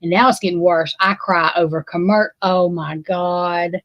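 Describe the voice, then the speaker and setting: A woman's voice: on the low side, fairly even intonation, normal speed, dry recording, lo-fi sound. A woman, chatting casually with her livestream viewers in a rambling, profane and emphatic way. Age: 40s. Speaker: livestream host.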